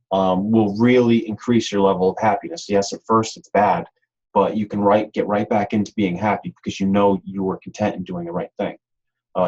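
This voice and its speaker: Male webinar presenter, husky and breathy, loose and repetitive delivery. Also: fairly low pitch, darkish tone, dull audio. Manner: rambling, repeats words, many ums. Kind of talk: unscripted webinar talk.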